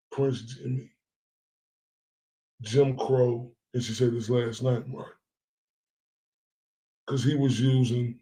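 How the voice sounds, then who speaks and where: A man's voice: mid-range voice, warm tone. Heated, profane man in echoey room. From Dallas area. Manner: heated, profane, repeats himself, asks "right?". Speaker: vlogger. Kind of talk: angry monologue to followers.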